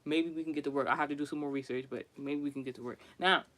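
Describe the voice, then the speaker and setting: A man's voice: a little high, fairly even intonation, fast, a bit bright. Chatty, profane man vlogging. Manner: chatty, profane, laughs often, many restarts. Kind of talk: casual storytelling monologue.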